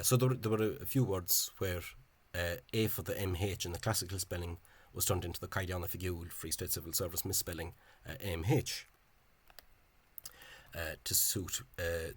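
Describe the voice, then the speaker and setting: Deep husky-voiced man lecturing. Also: fairly even intonation. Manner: hesitant and halting, with frequent pauses and restarts; opinionated and scornful of the official spelling. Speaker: language enthusiast presenting a video lecture. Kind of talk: informal spoken lecture over on-screen examples.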